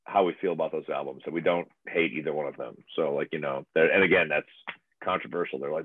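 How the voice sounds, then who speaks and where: A very deep-voiced man in his late forties who rambles in loose, excitable casual chat and swears freely. He comes through a thin, phone-like line, dry and close, with no room sound. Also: fast, breathy edge, dry recording. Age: late 40s.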